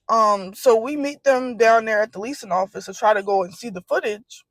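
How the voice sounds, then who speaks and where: A young woman tells her story straight to the camera in a casual vlog. Her voice sits a little high and swings into animated disbelief. The sound is dry and close, as from a phone. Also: normal speed, hardly any pauses, dry recording, poor audio. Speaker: vlogger.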